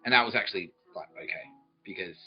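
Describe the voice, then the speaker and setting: A man hosting a comedy podcast, rambling and swearing, often laughing, swinging between mumbles and shouts. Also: lowish voice, fast talker. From Australia. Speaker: podcast host. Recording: dull lo-fi podcast audio with faint music.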